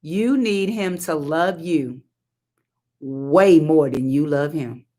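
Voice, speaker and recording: Middle-aged woman preacher, unhurried live sermon, heavy repetition and sassy asides. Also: sits low, mellow. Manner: emphatic repetition and call-outs to the audience.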